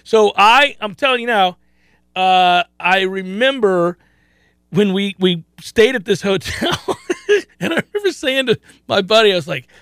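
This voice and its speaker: A man hosting a sports radio show in a studio, telling stories in animated, exclaiming bursts. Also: high-pitched, unhurried, smooth, no echo. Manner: animated storytelling, rising to loud exclaiming. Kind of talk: casual sports radio chat. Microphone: studio mic.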